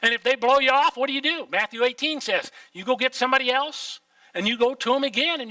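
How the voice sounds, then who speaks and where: Folksy older pastor, high bright voice. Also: male voice, fast talker, no room sound, distant mic, poor audio. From Oklahoma, USA. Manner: folksy, plain-spoken, full of rhetorical questions. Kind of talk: sermon. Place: church sanctuary.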